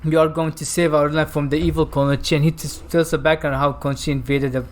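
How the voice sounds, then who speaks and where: Non-native male co-host, higher voice, loose rambling delivery with frequent laughs. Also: little pitch movement, fast talker. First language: not English. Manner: rambling, searches for words, laughs often. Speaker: podcast co-host reviewing a film. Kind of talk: casual chat.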